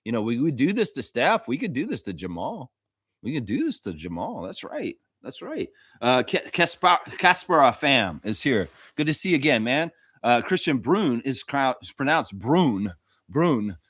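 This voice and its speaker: Male fan-channel host, animated and profane, loud laughs, very expressive pitch. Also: moderate pace, slightly rough, no room sound, clean studio sound. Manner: animated, profane, laughing, reads chat comments. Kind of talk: casual live-stream sports chat.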